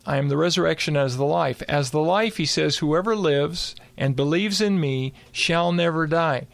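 A man's voice: on the high side, normal speed, vocal fry, no room sound. A man co-hosting a theological discussion, explaining scripture by quoting it verse by verse. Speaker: co-host and Bible teacher.

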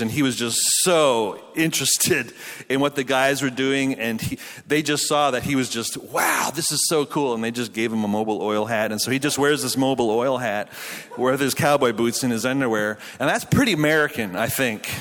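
A man's voice: medium pitch, moderate pace, fairly bright tone. A pastor in his thirties from Canada, preaching a sermon in a chatty, self-deprecating storytelling way with frequent restarts. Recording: hall reverb from a live venue.

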